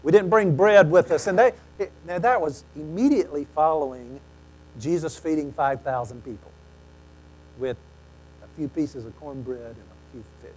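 A man preaching a sermon, telling stories animatedly and acting out quoted lines, often clearing his throat. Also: on the high side, normal speed, a little mellow, rough recording.

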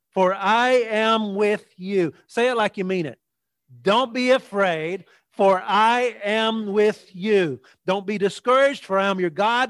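A man preaching a sermon, reading scripture slowly and repeating key lines for the congregation to say with him. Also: sits high, no echo, studio quality. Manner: emphatic, slows down for scripture and repeats key phrases; leads the congregation in call-and-response.

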